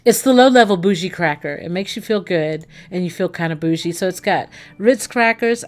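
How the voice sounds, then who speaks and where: A woman hosting a casual livestream, chatting excitedly. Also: lowish voice, moderate pace, hardly any pauses. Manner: excitable, gushing, talks to viewers. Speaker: livestream host.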